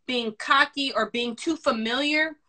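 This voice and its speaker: Career advisor woman, quick and sassy, bright and fairly high voice. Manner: fast, animated and sassy. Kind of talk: casual advice chat.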